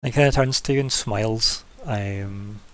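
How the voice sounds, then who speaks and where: Man, game master, lowish voice, rambling narration, casual fillers. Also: unhurried, no echo.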